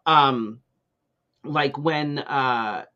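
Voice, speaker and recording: A man's voice: mid-range voice, extremely slow, pushed and bright, highs cut off. A man co-hosting a live talk show, telling a ranting story in casual chat, full of fillers and swearing.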